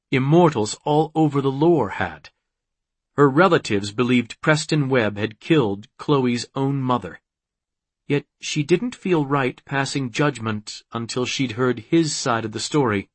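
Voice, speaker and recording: A man narrating an audiobook in a measured, unhurried reading. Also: mid-range voice, slightly rough, dry recording. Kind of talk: scripted narration.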